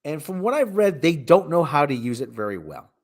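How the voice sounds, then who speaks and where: A man's voice: a little high, very animated, a little fast. A man hosting his show, giving rambling, sarcastic, wisecracking commentary in a casual movie review. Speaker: host.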